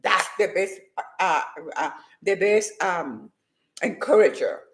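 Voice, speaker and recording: A woman's voice: on the low side, lively intonation, slow, echoey room. A woman giving a hyper, emphatic motivational talk to her live-stream viewers, repeating her points with force.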